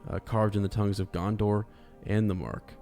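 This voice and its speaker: Low-voiced man in a halting podcast chat. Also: fairly even intonation, mellow, soft background music. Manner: halting, many restarts, laughs easily. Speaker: podcast co-host. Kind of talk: casual book discussion chat.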